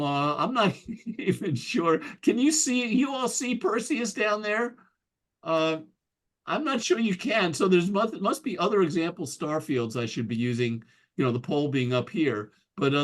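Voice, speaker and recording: Chatty American man giving a talk. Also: sits high. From United States. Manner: casual, chatty and self-deprecating, with many ums and restarts. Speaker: guest speaker. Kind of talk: presentation to an astronomy club.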